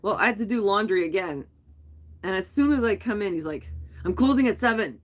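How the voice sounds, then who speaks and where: A woman's voice: medium pitch, fairly quick. Rambling woman vlogger, chatty. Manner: rambling, animated storytelling with restarts. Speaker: live-stream vlogger. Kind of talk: casual chat.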